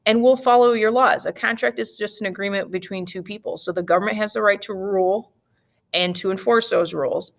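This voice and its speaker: A woman teaching a history lesson in a casual, lively way, with jokes and acted-out asides. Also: medium pitch, a little fast, gravelly. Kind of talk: casual classroom lecture.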